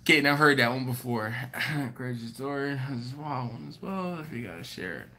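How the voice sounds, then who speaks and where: A man hosting a live stream, telling a story in an animated, rambling way with many restarts. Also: medium pitch, brisk. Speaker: host. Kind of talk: casual live-stream chat.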